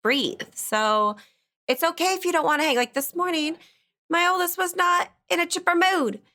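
A woman chatting casually about parenting, with expressive delivery that swings into mock-stern quoted speech. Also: very high-pitched, normal speed. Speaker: parent co-host. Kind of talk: casual chat.

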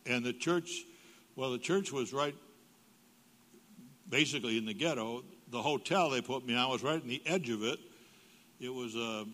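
A reverberant church hall carries the mid-range, slightly bright voice of an older guest preacher. In his humorous sermon he tells stories and acts out dialogue with big jumps in his voice in the church sanctuary.

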